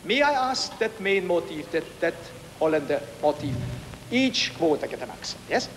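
A man's voice: on the high side, very animated, normal speed, soft background music. A man with a Hungarian accent rehearses an orchestra, singing syllables and giving emphatic instructions. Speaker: conductor in rehearsal. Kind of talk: rehearsal instruction, sung phrases. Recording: reverberant concert hall.

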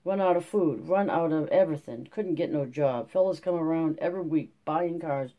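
A reader voicing a weary older male migrant farmworker in a gruff, folksy drawl, in an audiobook reading. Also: medium pitch, normal speed, highs cut off, lightly acted. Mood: bitter.

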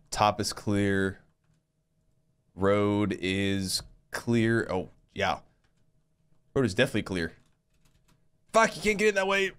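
A man's voice: fairly low pitch, slight background noise. A man giving live commentary over his own gameplay, exclaiming and swearing as the action unfolds. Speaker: gaming video host.

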